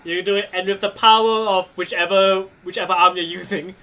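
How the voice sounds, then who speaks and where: A man running a tabletop wrestling game as game master, animated, laughing and swearing casually. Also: sits high, fairly quick, slight background noise.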